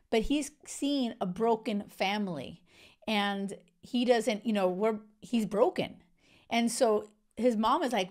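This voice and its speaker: A woman's voice: mid-range voice, darkish tone. Effusive, chatty woman host. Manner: effusive, chatty, many fillers and restarts. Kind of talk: casual commentary on a reality show. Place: lives in Spain.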